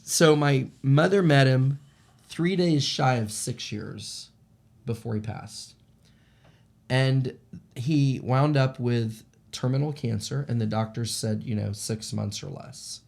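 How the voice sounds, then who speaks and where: A middle-aged man, telling a personal story in a casual, animated way. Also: mid-range voice, slow pace, gravelly. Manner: animated, acts out the voices of people in his stories. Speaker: shaman sharing paranormal stories.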